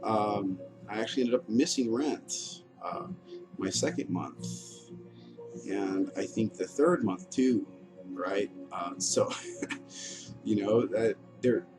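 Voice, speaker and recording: A man in his thirties telling his own story in a frank, halting way, full of fillers, restarts and the odd curse. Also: on the low side. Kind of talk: candid personal monologue. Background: music playing.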